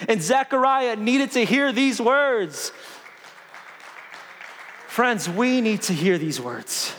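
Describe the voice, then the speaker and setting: High-voiced, joking pastor preaching. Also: male voice, lively intonation, takes it slowly, fairly bright tone, a faint crowd, a little hiss or hum. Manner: conversational, joking, emphatic. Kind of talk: sermon. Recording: long reverb of a large hall.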